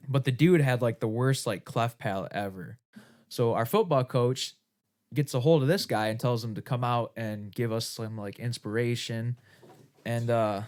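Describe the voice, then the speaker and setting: A man's voice: mid-range voice, darkish tone. A man hosting a podcast, telling a rambling, profanity-laced story in casual chat. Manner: rambling, profane, laughing often. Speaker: podcast host.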